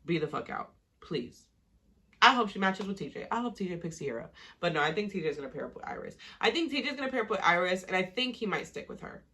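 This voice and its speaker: Woman, bright timbre, casual reality-TV recap, heated and profane. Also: lowish voice, big pitch swings, fast. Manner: heated, profane, exasperated ranting. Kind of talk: casual reaction commentary.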